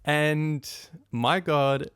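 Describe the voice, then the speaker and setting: A young man hosting a podcast, telling a personal story in an animated way, acting out what friends and he himself said. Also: on the high side, drawn-out words, clear, resonant tone, no echo, clean studio sound. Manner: animated, acts out quotes of friends and his own past thoughts. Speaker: podcast host.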